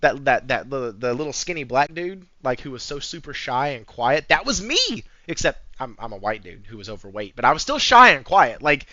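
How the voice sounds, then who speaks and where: A man hosting a podcast in casual chat, animated and joking, swearing freely. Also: medium pitch, moderate pace, few pauses. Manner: animated, swears, jokes and sings bits. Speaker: podcast host. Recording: dull lo-fi sound.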